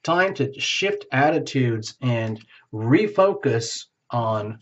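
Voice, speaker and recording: A tarot reader speaks to camera alone, slow and expressive at medium pitch, chatting casually, laughing a lot and acting out snippets of dialogue. The recording sounds muffled.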